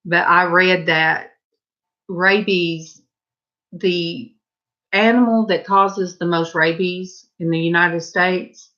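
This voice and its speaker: Slow-talking older Southern woman rambling. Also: fairly low pitch, fairly even intonation, pushed and bright. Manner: rambling, folksy, breaks off to answer chat. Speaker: host of a painting livestream. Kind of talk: casual chat with live viewers. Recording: dull lo-fi livestream audio.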